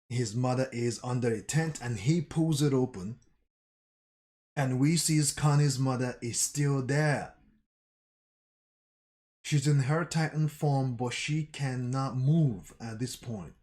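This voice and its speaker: A man hosting a channel, retelling a manga chapter in a halting way with restarts. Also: medium pitch, a little mellow. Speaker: channel host. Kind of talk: reading and recapping a manga chapter.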